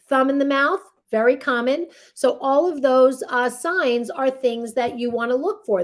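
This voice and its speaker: A woman with a high voice leads a baby care lesson. She explains each point plainly, step by step, often checking in with a quick tag question. She shows each hold as she talks it through. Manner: demonstrates holds while talking. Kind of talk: teaching a class.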